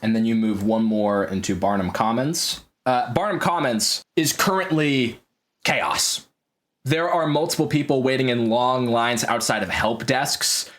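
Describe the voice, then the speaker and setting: A man running a tabletop game as game master, narrating action quickly and playfully. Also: medium pitch, a bit bright.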